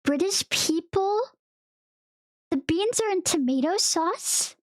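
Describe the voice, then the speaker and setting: A woman's voice: very high voice, lively intonation, slow pace, no room sound, studio quality. A young woman streamer chatting casually to her viewers, rambling through a story and laughing often between sentences.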